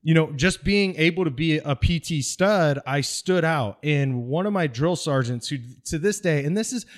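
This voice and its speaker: Higher-voiced veteran telling war stories. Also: male voice, normal speed. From California. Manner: animated, acts out voices in anecdotes, laughs often. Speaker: podcast guest, military veteran. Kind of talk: storytelling interview.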